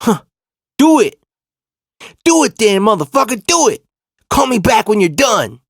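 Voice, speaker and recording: A man voicing a tough, street-smart young woman who bluntly dismisses her ex, in a high, cutting tone. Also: sing-song, moderate pace, a little mellow, no echo, clean studio sound. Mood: contemptuous.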